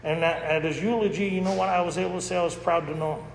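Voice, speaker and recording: Brief: middle-aged man, fairly high gravelly voice, candid rambling testimony, roomy hall with a long echo. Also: steady tone, fast. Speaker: recovery meeting speaker. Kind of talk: personal testimony talk. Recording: echoey hall with faint noise.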